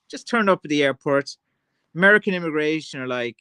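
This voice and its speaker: A man's voice: a little high, fairly quick, smooth, no echo. Rambling Irish man ranting, dry sound. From Ireland. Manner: rambling and excitable, full of fillers like "like" and "you know"; slangy, calling people "man" and "lads". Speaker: livestream host. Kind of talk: casual rant on a livestream.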